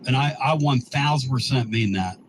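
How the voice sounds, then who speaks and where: Man hosting sports talk radio, emphatic and blunt, mid-pitched, faint noise behind. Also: moderate pace.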